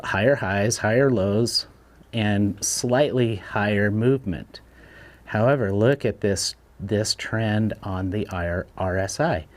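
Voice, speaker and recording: A man teaching a live trading lesson in a conversational way, often repeating words and checking in with "right?". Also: on the low side. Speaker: trading educator.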